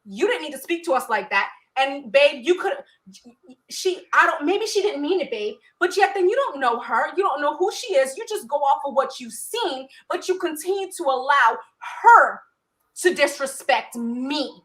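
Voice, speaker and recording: A woman's voice: high voice, expressive, normal speed, fairly bright tone, rough recording. A woman co-hosting a podcast with her husband, talking bluntly and heatedly in casual chat. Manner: blunt, heated, plain-spoken. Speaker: podcast co-host.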